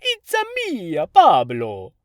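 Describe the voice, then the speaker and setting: A man's voice: wildly swooping pitch, takes it slowly, no room sound, studio quality, exaggerated voice. A man mimicking a bombastic, over-the-top fake Italian accent in a mocking impression. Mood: hammy. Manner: cartoonish, bombastic, high and loud.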